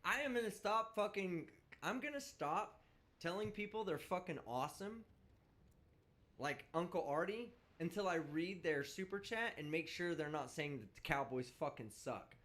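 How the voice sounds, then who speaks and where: A brash man hosts his live stream and swears freely in a casual, animated rant. His voice sits high and swings widely from line to line. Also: moderate pace. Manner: brash, vulgar, animated ranting. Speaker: livestream host. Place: indoors, traveling.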